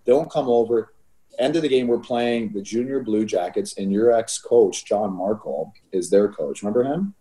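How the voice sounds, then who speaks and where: A middle-aged man with a low, mellow voice tells stories in a relaxed chat. His delivery is animated, and he keeps checking in with "right?" as he goes. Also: moderate pace. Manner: animated storyteller, laughs through anecdotes, frequent "right?". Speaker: youth hockey coach, podcast co-host. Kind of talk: casual storytelling chat.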